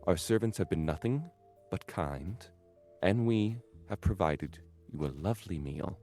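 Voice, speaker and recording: A man with a low voice runs a tabletop game, narrating and slipping into his characters. His pitch swings widely and he breaks into loud sudden bursts. Faint music plays behind him. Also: animated, unhurried. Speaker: dungeon master.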